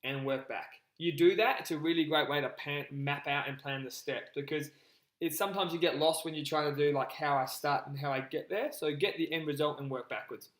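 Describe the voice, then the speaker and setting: A man coaching a group on a live call, energetic and repetitive, often calling his listeners guys. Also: on the high side, a little fast, roomy sound, rough recording. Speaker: business coach.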